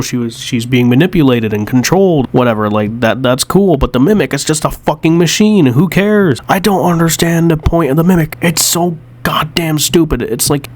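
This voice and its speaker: A man giving casual, rambling commentary on a game ranking, stuffy and tired, blunt and profane. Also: medium pitch. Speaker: video creator.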